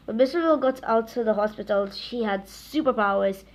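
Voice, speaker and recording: A woman reading a children's book aloud, halting often with stumbles and self-corrections. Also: on the high side, dull audio. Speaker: reader.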